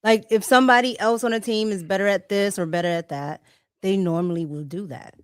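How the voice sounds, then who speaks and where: A woman's voice: medium pitch, steady tone, fairly quick, clear, resonant tone, no room sound. Dry-sounding woman co-host. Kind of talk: casual livestream chat.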